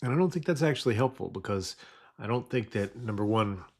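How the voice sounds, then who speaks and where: A man's voice: on the low side, animated, brisk, creaky, darkish tone. A man trading futures live and talking through trading psychology in a casual, rambling way with many fillers. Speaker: futures trader streaming live. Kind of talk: casual live-stream commentary.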